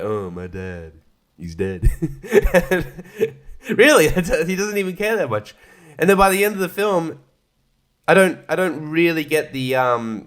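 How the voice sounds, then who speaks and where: A man's voice: a little high, fairly bright tone. Rambling, sarcastic male film reviewer. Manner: rambling, sarcastic, swears freely, laughs often. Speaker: podcast host reviewing films. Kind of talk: casual spoken review.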